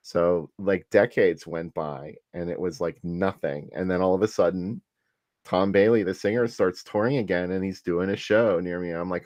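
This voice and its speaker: A man's voice: sits low, steady tone, brisk, darkish tone, dry recording. A man hosting a casual chat, laughing often as he tells stories. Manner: chatty, laughs often, storytelling. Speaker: host.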